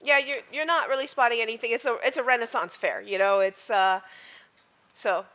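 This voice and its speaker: Bright-voiced woman running a tabletop game. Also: a little high, fairly quick. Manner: easygoing, laughs along with players. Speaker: game master. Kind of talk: narrating a tabletop superhero game. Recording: dull lo-fi podcast audio.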